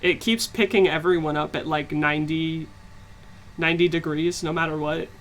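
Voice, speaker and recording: A woman's voice: low voice, fairly even intonation, normal speed, slight background noise, poor audio. A woman streaming a game with friends, chatty and playful, often laughing, on a headset mic. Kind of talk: casual gaming chat.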